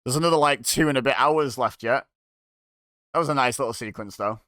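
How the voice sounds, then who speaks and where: A man's voice: medium pitch, brisk, fairly bright tone, dry recording, studio quality. A man hosting a watch-along, giving casual, sarcastic reaction commentary and chuckling to himself.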